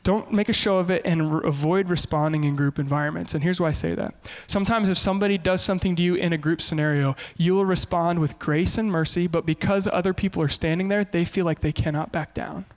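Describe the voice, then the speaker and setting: A male pastor preaching a sermon in an animated way, often slipping into quoted voices. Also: a little high, fast, hardly any pauses, in a large hall.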